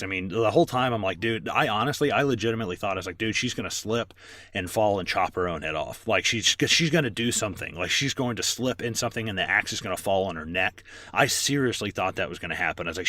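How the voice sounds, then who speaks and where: A man with a low, bright voice talks through a horror film scene by scene on a podcast. He rambles loosely, with plenty of fillers and swearing. The sound is dry and close. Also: dry recording. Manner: rambling, filler-heavy, profane. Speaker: podcast co-host. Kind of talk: casual movie recap chat.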